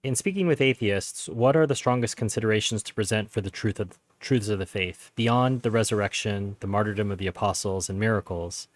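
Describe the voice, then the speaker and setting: A man hosts a live stream, reading out viewers' paid questions and politely passing them to his guest. His voice sits somewhat low. The sound is dry and close to the mic. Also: a little fast, hardly any pauses, dry recording. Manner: deferential, reads donations and questions aloud.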